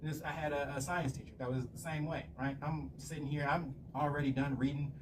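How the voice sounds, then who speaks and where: Fast-talking profane man ranting. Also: on the high side, little pitch movement. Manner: profane, rambling storyteller. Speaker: vlogger. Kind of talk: casual rant monologue. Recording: slightly distant mic with faint room noise.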